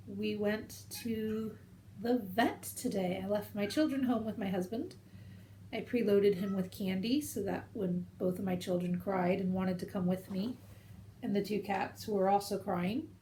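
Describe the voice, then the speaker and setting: Woman in her 30s rambling at home, mellow warm voice, bit of faint noise behind. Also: mid-range voice. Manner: chatty, rambling, talks to her cat. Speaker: knitting podcast host. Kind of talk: casual chat to camera.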